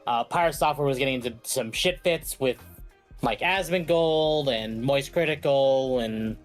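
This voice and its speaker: A woman's voice: very deep voice, unhurried, faint music behind. A woman hosting a live stream, recapping recent events in an emphatic way. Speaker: stream host.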